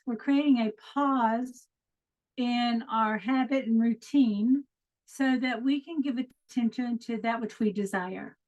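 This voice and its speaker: A middle-aged woman from Texas with a Texan accent, hosting an upbeat, chatty online coaching call with easy fillers. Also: a little high. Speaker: host. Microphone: video call. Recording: lo-fi video call audio.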